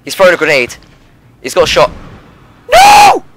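A man hosting a gaming channel, giving excitable let's-play commentary and yelping and shouting at the game. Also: a little high, fast, heavy background noise.

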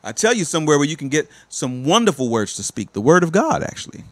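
A man delivers a motivational talk in the cadence of a sermon, pressing each point again and again. His voice sits a little high and swings widely in pitch as he exhorts the listener. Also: sing-song, fast. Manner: emphatic, repetitive, exhorting. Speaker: life coach. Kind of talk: motivational preaching.

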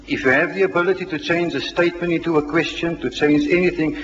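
A man's voice: a little high, steady tone, fast talker, a bit bright. A man chairing a lecture question session, firmly and emphatically insisting that questioners get to the point. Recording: dull old hall recording with reverb and hiss.

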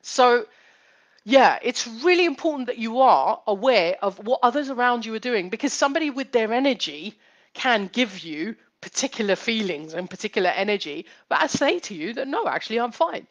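A woman's voice: a little high, animated, moderate pace, muffled recording. A woman psychotherapist hosting a live stream, explaining step by step, repeating key points and asking rhetorical questions. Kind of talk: live-streamed teaching talk.

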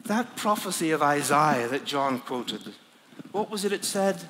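A male preacher telling a biblical story in the first person, pausing with fillers as if recalling it. His voice is somewhat high and his delivery very slow. It carries a long hall echo with faint background noise. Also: big pitch swings, bright, forceful tone. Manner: hesitant, searching for words, with frequent fillers and laughs. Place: large conference hall.

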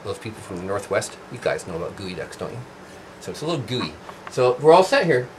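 This how-to show host has a lowish, sing-song, slightly mellow voice and talks fast. Working with his hands in an indoor workshop, he rambles, cracks jokes and pokes fun at himself, over a little hiss or hum.

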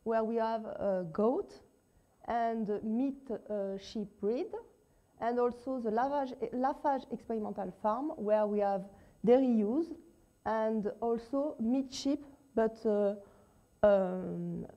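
A woman with a strong French accent, a native French speaker, giving a conference presentation as a visiting research scientist, speaking slowly and carefully with many fillers. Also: on the high side, highs cut off. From France. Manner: slow, careful speech with many fillers and shy laughs.

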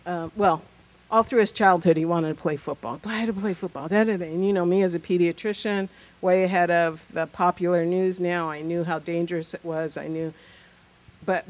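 A woman pediatrician giving a casual, animated conference talk built on personal stories, with frequent fillers. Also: lowish voice, low-quality recording. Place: conference room.

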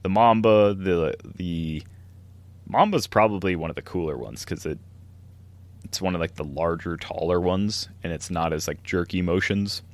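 A man's voice: low-pitched, normal speed, no room sound. A man co-hosting a podcast, rambling through a casual story and laughing often. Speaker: podcast co-host. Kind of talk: casual chat.

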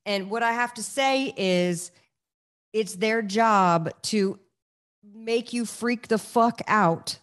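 A woman's voice: mid-range voice, takes it slowly. A woman co-hosts a podcast with easy, playful banter. She laughs often and keeps the tone light. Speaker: podcast co-host. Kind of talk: casual chat.

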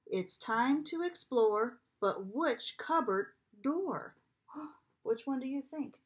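A preschool teacher reading a picture book aloud to young children, asking them coaxing questions and dropping now and then to a whisper. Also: female voice, sits high, husky. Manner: animated, slow, coaxing questions to children, drops to a whisper at times.

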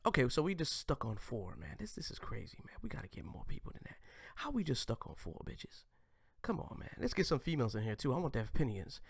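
A man hosting a live stream, ranting crudely and preachily, swinging between shouting and whispering. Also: mid-range voice, wildly swooping pitch, fast talker, creaky, husky.

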